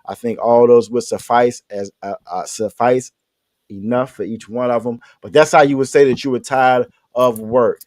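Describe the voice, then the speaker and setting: A man's voice: medium pitch, fairly even intonation, normal speed, darkish tone, no echo. Guy teaching online class, patient, repeats stuff, jokes around, dry close mic. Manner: patient, repeats questions, casual joking with students. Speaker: language teacher.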